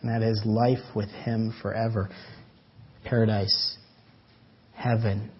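A man preaching a sermon as pastor, swinging between loud emphatic lines and soft drawn-out words. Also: fairly low pitch, flat delivery, breathy edge. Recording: dull lo-fi church audio.

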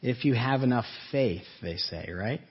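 A man delivers a sermon in a church sanctuary, earnestly putting questions to his listeners. His voice is husky and mid-pitched. The recording is dull and lo-fi. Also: lively intonation, normal speed. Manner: earnest, asks the congregation questions. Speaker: pastor.

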